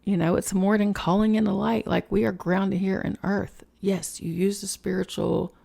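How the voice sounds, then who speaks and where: Gravelly-voiced woman hosting a spiritual podcast. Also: mid-range voice, little pitch movement, normal speed, mellow. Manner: frank and emotional, swears freely, chatty with many fillers. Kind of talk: candid personal monologue.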